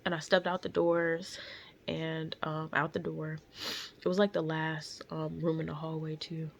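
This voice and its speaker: Gravelly, low-voiced young woman, tearful. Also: little pitch movement, unhurried. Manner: candid, tearful, slangy, full of fillers. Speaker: vlogger. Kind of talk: emotional personal storytelling. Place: in a car.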